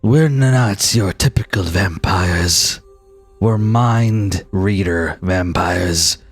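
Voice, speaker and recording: A man doing low, sneering vampire thugs. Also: slightly rough, no echo, soft background music, heavily acted. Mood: smug. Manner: mocking, drawn-out.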